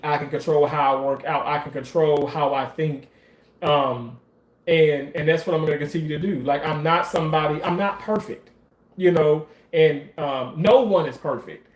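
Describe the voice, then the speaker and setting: A man talking in a casual monologue about his work in surgery, animated, profane and emotional as he tells stories. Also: on the high side. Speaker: surgical staff commentator. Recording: roomy echo.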